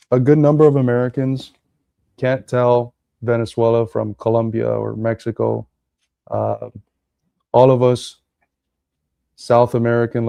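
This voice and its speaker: Gravelly guy with a dark mellow voice, blunt podcast politics talk, swears a lot, dry sound. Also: medium pitch, no room sound. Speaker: podcast co-host. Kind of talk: casual political chat.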